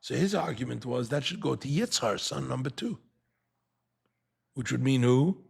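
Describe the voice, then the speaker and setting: An older man teaching a Torah class, animated and fond of rhetorical questions, who acts out the people he quotes. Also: medium pitch, moderate pace, creaky, slightly rough.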